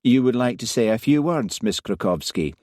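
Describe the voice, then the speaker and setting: A man's voice: medium pitch, lively intonation, normal speed, darkish tone, no echo, clean studio sound, pitched above the performer's own voice, natural voice. A man doing a pompous beaming police chief. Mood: genial. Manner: genial and pompous.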